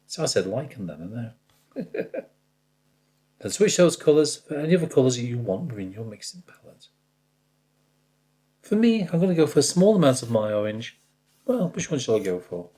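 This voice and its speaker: Lively, mellow-voiced man teaching painting. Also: medium pitch. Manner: chatty, addresses the viewer directly, jokes at his own slips. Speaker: watercolour art tutor. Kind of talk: step-by-step painting tutorial.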